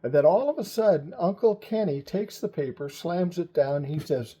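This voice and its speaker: A man's voice: a little high, expressive, brisk, hardly any pauses, mellow, husky, rough recording. An older man telling a family story in a casual, chatty, profane way.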